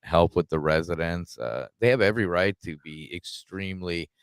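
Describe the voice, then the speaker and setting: Host, male, very deep and smooth, relaxed chatty delivery with fillers. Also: normal speed, dry recording. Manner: loose, searching for words, many fillers. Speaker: podcast host. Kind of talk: casual podcast chat.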